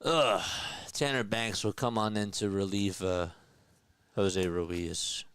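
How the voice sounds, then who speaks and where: Male fan play-by-play caller, fairly low and smooth voice, dry close mic, exasperated with the chat. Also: takes it slowly, dry recording. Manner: frustrated, talks back to the chat. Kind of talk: live fan play-by-play stream.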